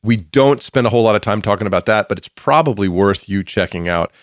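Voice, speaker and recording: A man's voice: on the low side, fast talker, no echo, clean studio sound. A man hosting a podcast, introducing a guest in a chatty, joking, emphatic way. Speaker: podcast host.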